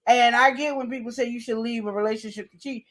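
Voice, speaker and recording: A woman hosting a casual relationship advice show, telling stories in an animated, slangy way. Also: a little high, fast. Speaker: host.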